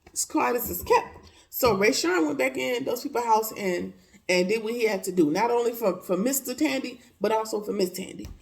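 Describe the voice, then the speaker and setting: A woman's voice: fairly high pitch, expressive, moderate pace, vocal fry, poor audio. A woman giving a casual, slangy recap of a TV episode, blunt and chatty with frequent profanity and asides. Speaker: TV episode reviewer.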